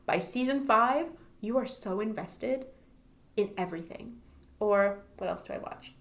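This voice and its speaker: A woman's voice: on the high side, normal speed, a bit bright. A woman co-hosting a podcast, talking casually about a book and laughing often. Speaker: podcast co-host.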